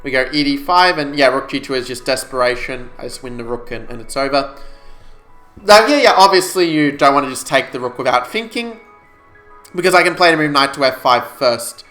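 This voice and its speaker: A man streaming chess puzzles live, calculating moves out loud and explaining them to his viewers in a casual way. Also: mid-range voice, expressive, fairly quick, faint music behind.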